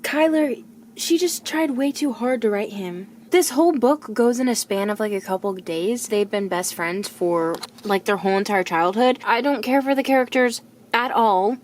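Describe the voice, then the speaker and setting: A young woman chatting candidly about her reading in a casual vlog, blunt and animated, sometimes dropping to soft asides. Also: on the high side, normal speed, a little hiss or hum. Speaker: book vlogger.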